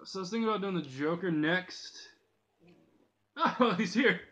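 A man's voice: high-pitched, animated, normal speed, fairly bright tone. A young man from Dublin giving casual, joking gameplay commentary, swearing and laughing often. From Dublin, Ireland. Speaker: gaming channel host. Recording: dull lo-fi mic with faint noise.

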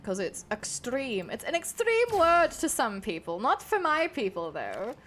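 A woman's voice: fairly high pitch, huge pitch swings, a little slow, a bit bright, slight background noise. An Australian woman giving dramatic, exasperated let's-play commentary as a gaming streamer, swearing often.

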